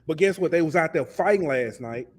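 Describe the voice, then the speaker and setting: Male sports podcast co-host, fired-up rant, slightly higher voice, casual and repetitive. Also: expressive, brisk. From lives in Alabama. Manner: passionate, ranting, repeats words.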